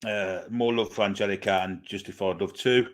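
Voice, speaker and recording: Here a man with a fairly low pitch talks at a moderate pace in a steady tone. He's hosting a live football watchalong, making casual pre-match chat full of hesitations and fillers, and reading viewer comments aloud before responding to them.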